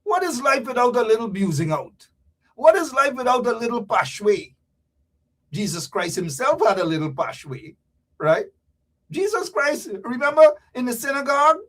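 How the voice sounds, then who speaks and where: A man with a Guyanese accent hosting a fiery political talk show, shouting, mocking and repeating himself for effect. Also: sits high, normal speed, recorded from a distance. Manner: animated, shouting, mocking, repetitive.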